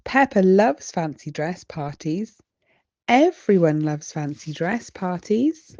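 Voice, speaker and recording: A British woman reading a children's storybook aloud, slow and expressive. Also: on the low side, dull audio. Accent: British English. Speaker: children's book reader.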